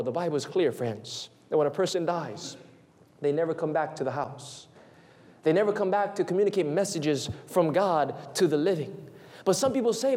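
A man preaching an evangelistic sermon in an earnest way, often dropping to a hush as he addresses his listeners as friends. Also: a little high, lively intonation, fairly quick. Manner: earnest, drops to a hushed tone on "friends".

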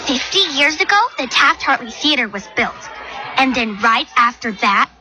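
A woman voicing a brave, bossy teenage girl sleuth who narrates and leads in an audio drama, brisk and sarcastic. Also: on the high side, over music, a crowd in the background, natural voice, poor audio. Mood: determined. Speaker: narrator and lead.

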